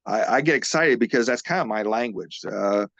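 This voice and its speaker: A man, a physical therapist, being interviewed as a guest and earnestly retelling a witness's story, halting and restarting often. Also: lowish voice, animated, vocal fry, a bit bright, dry recording, muffled recording.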